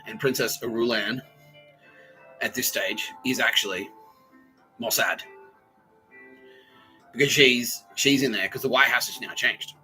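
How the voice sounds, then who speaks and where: A man hosting a comedy podcast, rambling and profane as he retells scenes and acts them out in quick voices. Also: mid-range voice, bright, forceful tone, soft background music, rough recording. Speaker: podcast host. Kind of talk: comedic monologue.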